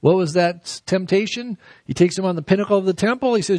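A man preaching a verse-by-verse sermon, reading scripture slowly and then explaining it with lively emphasis. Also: sits high, dry recording. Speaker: pastor. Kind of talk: expository sermon.

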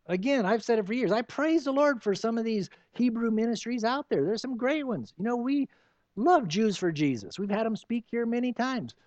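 High-voiced preaching man, animated. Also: dry recording, highs cut off. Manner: expository preaching, animated with rhetorical questions. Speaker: pastor. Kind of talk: sermon.

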